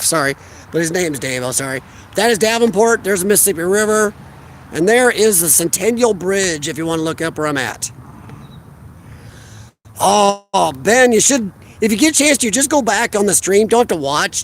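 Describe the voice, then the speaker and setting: A man's voice: sits high, a little hiss or hum. A man with a Midwestern American accent hosting a casual live stream outdoors at a riverfront park, talking into a handheld phone and answering viewers' chat. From United States. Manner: chatty, reads out viewers' chat and answers them. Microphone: phone camera held by the speaker.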